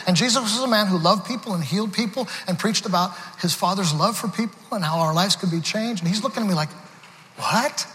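In a large church hall, a man preaches a sermon in a high, sharp voice, talking fast with few pauses. He tells stories with laughter and restarts frequently. The recording carries hall reverberation and crowd noise.

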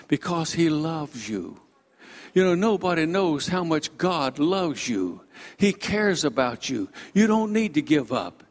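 A man's voice: fairly high pitch, long reverb tail. A man preaching a sermon, retelling a conversion story with fervent exclamations.

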